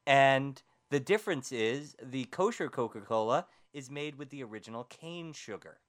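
A man's voice: medium pitch, lively intonation, normal speed, a bit bright. A man co-hosting a paranormal talk radio show, chatting casually and a bit rambling, often stumbling over his words.

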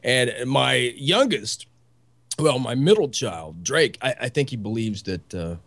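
A man in his thirties with young children, co-hosting a show in casual chat, excitable and rambling, laughing often. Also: mid-range voice, unhurried. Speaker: co-host.

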